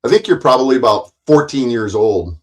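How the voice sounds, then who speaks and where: A man's voice: mid-range voice, lively intonation, a little fast, darkish tone, rough recording. A man hosting a livestream, ranting at his chat in a profane, taunting, confrontational way. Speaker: livestream host.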